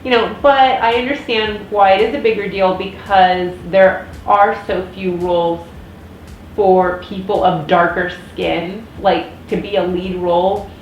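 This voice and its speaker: A chatty woman in her thirties with a General American accent talks straight to camera in a loose, rambling rant, stopping and restarting her sentences. Her mid-pitched voice bounces around an echoey room, with a faint hiss of noise underneath. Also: steady tone, a little slow, highs cut off. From United States. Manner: chatty, frequent restarts and fillers. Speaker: vlogger. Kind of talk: casual rambling vlog rant.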